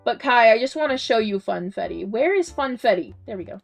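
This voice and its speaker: Her voice is fairly high, expressive, quick and gravelly as she hangs out with her stream audience and reads their chat aloud. She giggles a lot and starts sentences over with many ums. Faint game music plays behind her headset mic.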